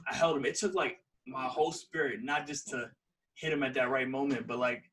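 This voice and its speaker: A young man telling a story in casual podcast chat, lively, acting out each person he talks about. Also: mid-range voice, fairly quick, breathy edge. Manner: animated, acts out the people in his stories. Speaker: podcast co-host.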